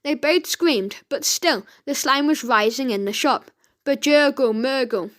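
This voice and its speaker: A woman reading a children's audiobook aloud, slowly and with the odd stumble and self-correction. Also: high voice, expressive, fairly bright tone. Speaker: reader.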